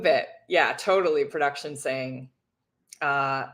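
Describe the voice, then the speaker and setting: Low-voiced chatty woman livestreaming. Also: measured pace, a bit bright. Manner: chatty and giggly, reads viewer comments aloud. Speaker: livestream host reacting to a reality show. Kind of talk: casual livestream commentary.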